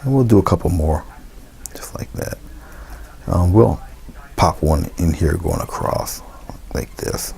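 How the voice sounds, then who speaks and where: A man giving a relaxed, unscripted painting lesson, talking through each step with fillers and restarts. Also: sits low, a little slow, vocal fry, pauses often. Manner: relaxed, thinking aloud with many fillers and restarts. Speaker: painting instructor. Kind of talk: casual painting tutorial.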